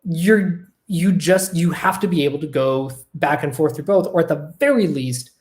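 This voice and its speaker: An animated podcast host talks casually on camera from a home desk. The voice sits at a middle pitch, and the talk runs loose and profane, with "right?" tossed in again and again. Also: moderate pace. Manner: animated, swears freely, asks "right?" over and over.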